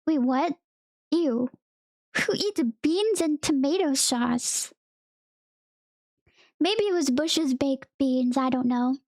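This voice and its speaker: High-voiced giggly young woman streamer. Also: expressive, slow pace, pauses often, darkish tone, no room sound, clean studio sound. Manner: giggly, laughs often between sentences; rambling, storytelling with "like" and "okay?". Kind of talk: casual chat to viewers.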